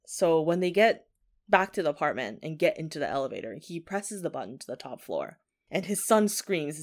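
A woman tells a ghost story in a relaxed, conversational way. She often says 'like' as she talks. Her voice sits a little low. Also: normal speed. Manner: chatty, filler 'like' often. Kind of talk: casual spoken ghost story.

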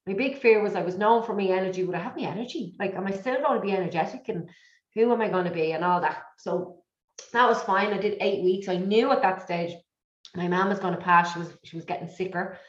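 A middle-aged woman speaking as an interview guest, telling her story in an emotional, repetitive, animated way. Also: medium pitch, fast talker. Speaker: guest, business coach. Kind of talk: candid conversational interview. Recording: echoey, dull lo-fi audio.

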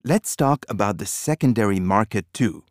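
A man's voice: on the low side, expressive, normal speed, no echo, clean studio sound. A man speaking in a scripted lesson dialogue, plain and informative.

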